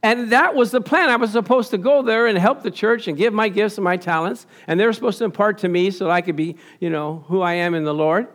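A man with a high voice preaches a sermon from slides, animated and quick to laugh. He keeps asking his congregation questions and answering them himself. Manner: laughs often. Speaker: pastor.

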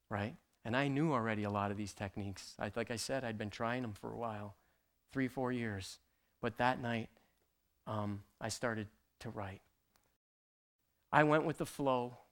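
A middle-aged man from Canada, a pastor giving a conversational testimony sermon, halting and full of fillers and tag questions. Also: medium pitch.

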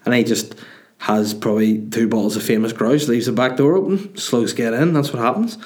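A man's voice: mid-range voice, a little fast, a little mellow. A man with a Northern Irish accent hosting a comedy podcast, telling crude, rambling stories full of swearing. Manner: crude, meandering, profane. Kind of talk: rambling comic monologue.

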